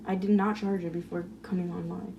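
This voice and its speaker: A woman's voice: lowish voice, little pitch movement, fairly quick, creaky, far from the mic, muffled recording, slight background noise. A woman chatting casually on a phone livestream, rambling through a story full of "like" and swearing while baking in her kitchen. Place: home kitchen, baking cookies.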